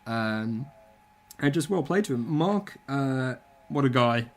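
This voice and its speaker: A man's voice: medium pitch, lively intonation, takes it slowly. A man, chatting casually and bluntly, with strong opinions and plenty of swearing. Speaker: podcast co-host. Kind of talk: casual chat.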